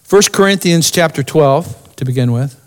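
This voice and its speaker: A man preaching a sermon as pastor, expressive, dropping to a near-whisper for emphasis. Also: on the high side, normal speed, clear, resonant tone.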